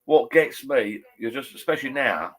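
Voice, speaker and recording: With an expressive, medium-pitched voice at a moderate pace, a man chats with his live audience from a bar in his garden shed. It's loose pub talk, full of rambling and self-corrections.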